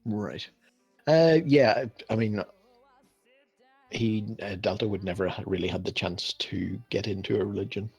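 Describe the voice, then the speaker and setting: A man's voice: lowish voice, measured pace, vocal fry, husky, faint music behind. A man playing a tabletop game, asking questions in a tentative way. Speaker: player. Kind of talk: casual tabletop game talk.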